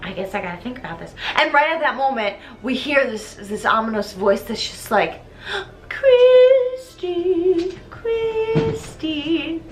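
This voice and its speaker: A woman's voice: fairly high pitch, expressive, brisk, hardly any pauses, fairly bright tone. A tipsy young woman hosting a comic plot recap, rambling and giggly with lots of slang. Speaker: host. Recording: echoey room.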